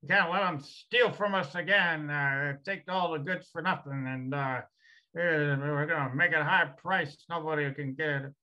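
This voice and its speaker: A man's voice: fairly high pitch, measured pace, sharp tone. A man channeling a grumbling ancestral spirit. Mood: carefree grumbling. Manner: rambling, mock-grumpy, channeled voice. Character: grumbling male ancestral spirit, wary of thieves.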